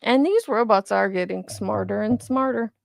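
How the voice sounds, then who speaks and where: Reacting to viewer comments, a commentary channel host in her thirties chats loosely during a casual livestream. She speaks at a moderate pace in a gravelly, medium-pitched voice, recorded cleanly in a studio without echo.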